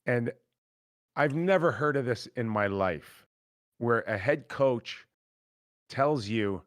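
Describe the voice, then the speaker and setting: A man's voice: mid-range voice, lively intonation, slow pace, pauses often, no room sound, clean studio sound. A man hosting a casual sports podcast, drawing stories out of his guest with easygoing questions. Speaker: podcast host.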